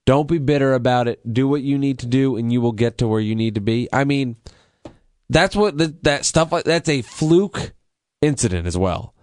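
A man from Pittsburgh co-hosting a podcast, playful and quick with comebacks. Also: medium pitch, lively intonation, darkish tone, no room sound. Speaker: podcast co-host. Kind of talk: casual banter.

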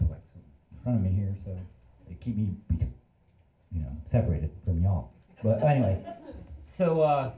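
A man's voice: mid-range voice, echoey room, narrow, tinny audio. A man in his fifties telling a story on a live stage in a casual, rambling, self-deprecating way. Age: 50s.

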